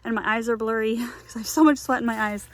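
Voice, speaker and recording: A woman's voice: a little high, steady tone, fast. A young woman chatting to her handheld camera outdoors in humid woods, giggly and self-deprecating, out of breath. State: out of breath and sweaty. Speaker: foraging vlogger. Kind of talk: casual vlog talk to camera.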